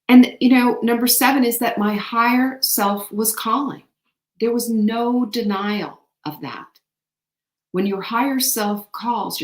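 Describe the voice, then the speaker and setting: Emphatic woman, echoey room. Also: mid-range voice. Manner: animated, emphatic, faith-inspired encouragement. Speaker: show host. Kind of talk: motivational talk.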